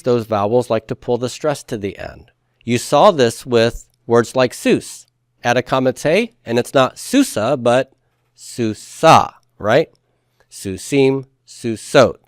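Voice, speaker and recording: A man teaching a grammar lesson at an average pitch, recorded close and dry with no room sound. He explains step by step with patience and keeps having the class repeat forms back to him. He drops in folksy comparisons along the way. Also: clean tone, no room sound. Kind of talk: classroom lecture.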